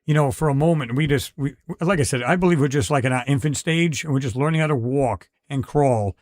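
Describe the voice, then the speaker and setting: A man's voice: mid-range voice, fairly quick, a little mellow, no room sound. A middle-aged man hosting a live podcast, chatting casually and reading out viewer comments in a rambling way with many restarts.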